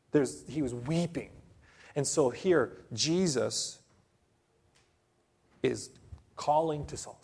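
A man preaching a sermon to a congregation, telling a story slowly and dramatically with sudden loud bursts. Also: medium pitch, vocal fry, husky.

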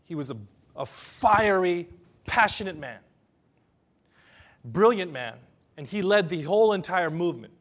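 Animated preacher with big swings. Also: male voice, high voice, unhurried, pauses often. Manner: animated, swings between loud emphasis and soft asides. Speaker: pastor. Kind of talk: sermon.

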